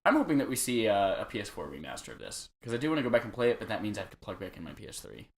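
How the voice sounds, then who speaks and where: A man's voice: lowish voice, very animated, very fast, vocal fry. A man hosting a casual gaming podcast, talking loosely and profanely and laughing easily. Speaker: podcast host.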